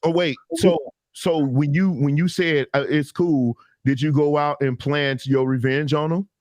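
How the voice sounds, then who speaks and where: A man's voice: a little high, steady tone, measured pace, a little mellow, no room sound. A man hosting a casual talk show, arguing his point emphatically and backing it with everyday examples. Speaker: podcast host. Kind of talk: casual debate.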